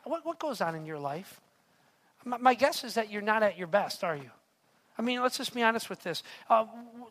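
A man's voice: high-pitched, fairly bright tone. A man preaching a sermon in an earnest, confessional way, often repeating words as he speaks to the room. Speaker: pastor. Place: church hall. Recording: long hall reverb.

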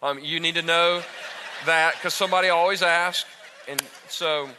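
Pastor guy preaching on stage, bright forceful voice, big echoey hall. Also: on the high side, normal speed, a little hiss or hum. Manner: animated, talks straight to the congregation. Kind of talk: sermon. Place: church stage before a congregation. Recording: echoey hall with long reverb.

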